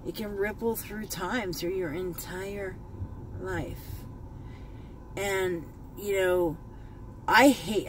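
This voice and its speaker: A woman's voice: medium pitch, slow, pauses often, poor audio. A woman records a heartfelt, rambling vlog from her car and takes her time over every thought. She keeps circling back over the same points, choked up at times. A faint background hum sits under her voice. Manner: heartfelt, rambling, repeats herself. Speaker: beauty vlogger. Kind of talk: emotional commentary vlog. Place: in a parked car.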